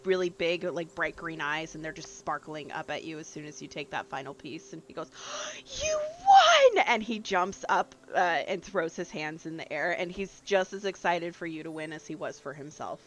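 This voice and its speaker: A game master narrating a tabletop game, halting often with fillers and restarts. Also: mid-range voice, a bit bright, slight background noise. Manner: hesitant narration with many fillers.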